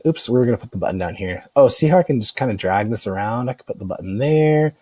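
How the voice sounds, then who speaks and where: A man walking through a software tutorial in a relaxed, rambling way, with plenty of fillers and restarts. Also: medium pitch, quick pace, breathy edge, dry recording. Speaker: online marketing instructor. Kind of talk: casual screen-recorded software tutorial.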